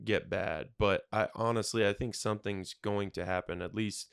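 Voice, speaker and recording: A man hosting a podcast in casual chat, telling stories with an animated, laughing, swearing manner. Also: lowish voice, normal speed, vocal fry, clean tone, no echo, studio quality. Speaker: podcast host.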